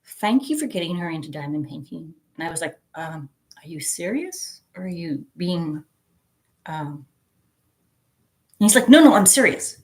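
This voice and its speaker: A woman's voice: deep voice, lively intonation, a little slow, pauses often, a little mellow. A middle-aged woman hosting a casual livestream, chatting and giggling as she reads viewer comments aloud. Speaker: livestream host. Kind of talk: casual chat with live viewers.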